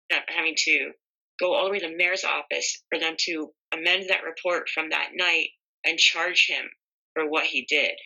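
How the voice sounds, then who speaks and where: A woman's voice: low voice, creaky, bright, forceful tone, low-quality recording. A middle-aged woman telling a personal story in an interview, earnest and emotional. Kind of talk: personal testimony.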